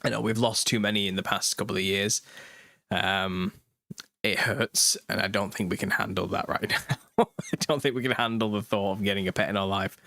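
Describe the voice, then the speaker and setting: A man's voice: lowish voice, steady tone, moderate pace, vocal fry, bright, forceful tone, no echo. Chatty British man, dry close sound. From United Kingdom. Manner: chatty, laughs often mid-sentence. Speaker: host. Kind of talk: casual livestream chat reading viewer comments.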